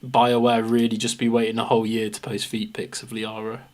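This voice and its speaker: A man's voice: on the low side, completely flat delivery, fairly quick. Rambling young Englishman live-streaming. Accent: English Midlands. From England. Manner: rambling, self-mocking, jumps between topics. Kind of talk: live reaction stream chat.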